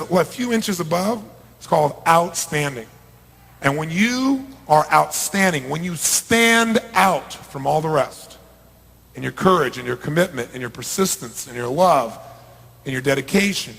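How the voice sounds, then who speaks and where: A man giving a live motivational seminar talk in a large hall, swinging between booming shouts and hushed asides. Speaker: motivational speaker.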